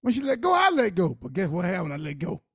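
A man's voice: high-pitched, huge pitch swings, quick pace, breathy edge, dry recording, studio quality. A man co-hosting a podcast, giving earnest, preachy advice in casual talk. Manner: earnest, preachy advice with Southern Black vernacular. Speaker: podcast co-host.

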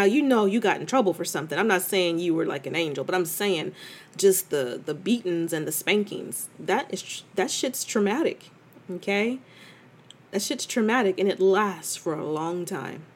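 Candid woman podcaster, slightly low voice. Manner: candid, chatty, many fillers and restarts. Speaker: podcast host. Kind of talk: casual reflective monologue.

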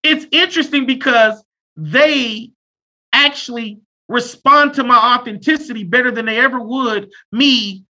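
A man in his thirties, a therapist in casual conversation, talking loudly and bluntly with off-color jokes. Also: very high voice, a little slow, muffled recording. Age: 30s. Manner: loud and abrasive, blunt and joking.

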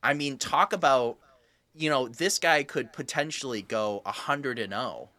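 Laid-back male host, sharp bright tone, thinks out loud. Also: mid-range voice, unhurried, dry recording. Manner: easygoing, rambling, musing aloud. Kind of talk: casual conversation.

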